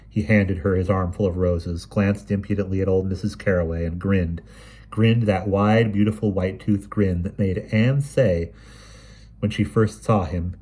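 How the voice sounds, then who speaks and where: Male reader for a short story, low and husky, measured and expressive. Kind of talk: reading a short story aloud.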